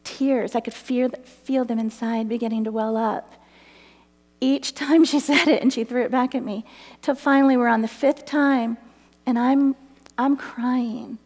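A speaker at a church women's gathering shares her testimony a little slowly in a fairly high voice, earnest and animated, with laughter and acted-out quotes. The audio has a big-room feel.

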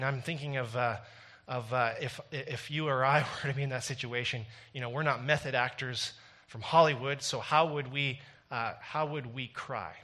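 Guy giving a sermon to nobody in the room, kinda high bright voice, jokey then gets really intense. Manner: builds from wry joking asides to intense emphatic preaching. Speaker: pastor. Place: recorded without a congregation.

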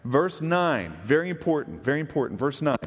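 Texan pastor preaching in a reverberant hall. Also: male voice, fairly high pitch, very animated, a little fast. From West Texas. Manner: conversational, asks the congregation questions. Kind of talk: sermon.

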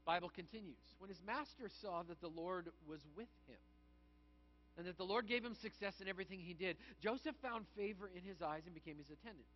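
A man preaching a sermon to his congregation, in an animated, conversational way, with acted asides. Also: high voice, a little fast, muffled recording, faint music behind. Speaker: pastor.

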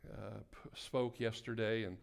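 A man's voice: on the low side, flat delivery, unhurried, gravelly. A pastor preaching a sermon and praying before his congregation, calling for amens and building to emphatic exhortation. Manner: call-and-response, rising to emphatic exhortation. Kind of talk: sermon with prayer. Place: church sanctuary before a congregation.

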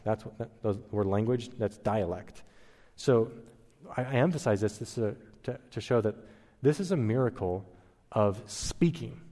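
A man's voice: fairly low pitch, dark tone, long reverb tail. A man preaching an expository sermon, teaching in a methodical way and counting off his points one by one. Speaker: pastor.

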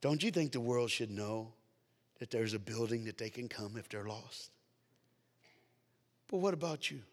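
An American man giving an energetic youth sermon as a guest preacher, animated and laughing often, swinging from hushed lines to loud ones. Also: medium pitch, moderate pace. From United States. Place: large church hall. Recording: long hall reverb.

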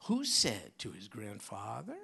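Husky man preaching a sermon. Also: on the low side, wildly swooping pitch, unhurried. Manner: swings from loud emphatic bursts to hushed whispers.

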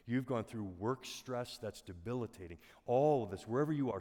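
A middle-aged man preaching a sermon as a pastor, earnest and soft-spoken, often dropping his voice almost to a whisper. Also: medium pitch, lively intonation, moderate pace. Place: church auditorium. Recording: long hall reverb.

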